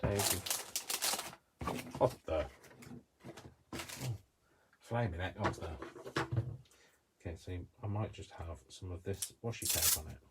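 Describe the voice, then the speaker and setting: Coventry-accented man, deep voice, chatty craft host muttering to himself mid-project. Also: unhurried, pauses often, very noisy. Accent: Coventry English. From Coventry, England. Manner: chatty, rambling, talks to himself while working. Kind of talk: casual crafting demonstration.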